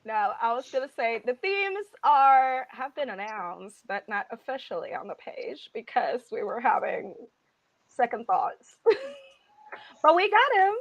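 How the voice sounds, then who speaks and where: A woman's voice: on the high side, very animated, measured pace, muffled recording. A woman joining a casual group chat, playful and laughing.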